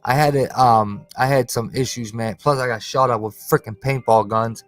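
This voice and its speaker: A man's voice: medium pitch, steady tone, normal speed, faint music behind. A man hosting his own channel, ranting casually on a livestream, confrontational and slangy, tacking "bro" and "cuz" onto his lines. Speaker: conspiracy channel host.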